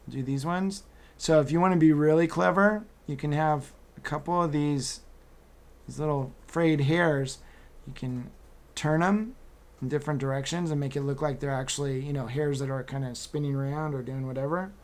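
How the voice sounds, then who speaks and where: A man teaching a miniature painting class over a video call, talking casually and joking as he works. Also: a little high. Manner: casual, joking, chatty while working. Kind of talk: live online painting class. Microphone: computer mic on video call.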